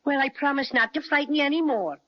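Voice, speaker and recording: A woman's voice: high-pitched, animated, moderate pace. A woman voicing a small, friendly male teddy bear with a playful Irish-flavored lilt, in a radio play on a dull lo-fi recording. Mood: kindly, coaxing.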